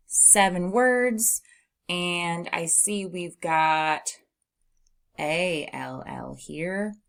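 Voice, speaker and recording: A woman's voice: on the low side, creaky. A woman teaching a phonics lesson to young readers, patiently spelling out letters and sounding out words as she reads. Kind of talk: teaching early readers, reading aloud.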